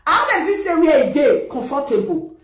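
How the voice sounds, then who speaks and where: High, lively Nigerian woman ranting. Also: normal speed, echoey room, noisy background. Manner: mocking, insulting, laughing between jabs. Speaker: social media personality. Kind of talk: ranting livestream monologue.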